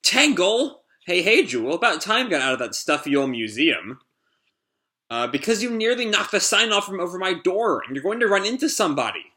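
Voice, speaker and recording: A man's voice: sits high, very animated, fairly quick, bright, forceful tone, voice pushed up, full character voice. A man reading a comic aloud and voicing a fussy, worried woman who keeps a museum and scolds her friend. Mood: scolding. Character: fussy female museum keeper, worried and prim.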